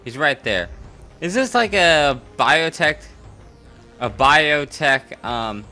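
A man's voice: a little high, expressive, slow, bright, forceful tone, faint music behind. Playful gamer man with a cough. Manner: playful, joking, exclaiming at the game. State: sick, coughing. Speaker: video game player. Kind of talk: let's play commentary.

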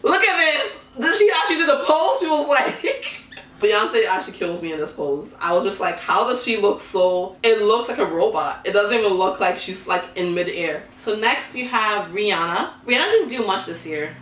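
A young woman with a bright, sharp voice chats through a casual reaction vlog, laughing easily and reacting with excitement. She sits a little back from the mic in an echoey room with a faint hum of ambience. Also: mid-range voice, normal speed, far from the mic. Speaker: YouTuber reviewing celebrity costumes.

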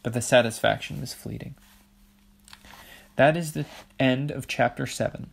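A man reading a children's novel aloud in a plain, unhurried narrating voice. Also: mid-range voice, creaky, slightly rough. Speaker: audiobook reader.

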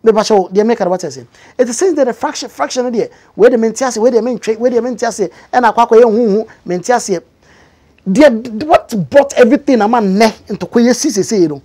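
A woman's voice: on the high side, fairly quick, dark tone. A woman with a Ghanaian accent giving a casual, explanatory news commentary, with frequent fillers and emphatic rises. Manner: conversational with many fillers, rising emphatic stretches. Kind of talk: explanatory commentary mixing English and Twi.

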